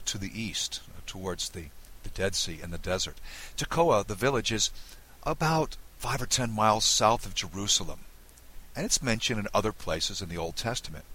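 Husky, forceful man teaching Bible. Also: deep voice, rough recording. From Southern United States. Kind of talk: recorded Bible lesson.

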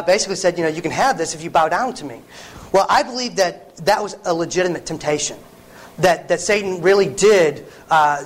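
A man with a high voice preaches a sermon to a congregation. He talks earnestly and conversationally, restarting phrases and dropping in asides as he goes. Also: poor audio.

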